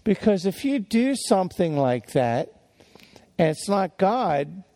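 A man's voice: high-pitched, big pitch swings, slow pace, warm tone. An older man preaching in a folksy storytelling way, with many restarts and fillers. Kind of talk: sermon-style teaching.

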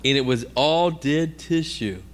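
Fairly high-pitched and measured, this man's voice comes through with slight background noise. He preaches on healing ministry in a conversational way, weaving in stories, restarting and repeating words, and checking in with "all right?" and "amen?".

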